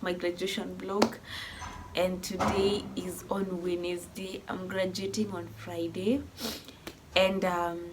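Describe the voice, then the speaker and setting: A woman's voice: lowish voice, slight background noise. A woman, talking in a heartfelt, rambling way in a personal vlog, with faint ambience behind her. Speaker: vlogger.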